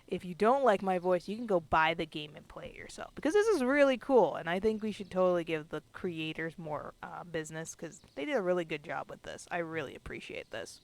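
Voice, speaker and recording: A woman hosting a let's play, chatting casually in an animated way about the game. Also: fairly low pitch, brisk, few pauses, music in the background. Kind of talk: casual gameplay commentary.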